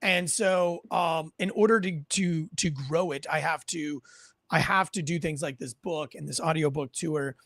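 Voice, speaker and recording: A man's voice: a little high, unhurried, a bit bright, no room sound. A man hosting a podcast in a casual, rambling storytelling way, often restarting his sentences. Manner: rambling, self-correcting storyteller. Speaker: podcast host.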